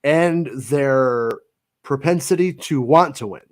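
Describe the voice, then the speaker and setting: A man of middle pitch chatting casually on a podcast. He talks in quick, animated bursts and often restarts his sentences mid-thought. His voice sits at an ordinary level and pitch for a man. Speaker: podcast co-host. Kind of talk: casual chat.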